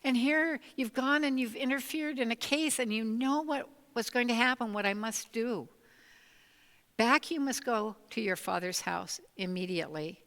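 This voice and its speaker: A woman voicing a proud male judge who is quick to be flustered, speaking in an exclaiming, indignant way. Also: fairly low pitch, expressive, creaky, sharp tone, full character voice. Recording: long reverb of a large hall.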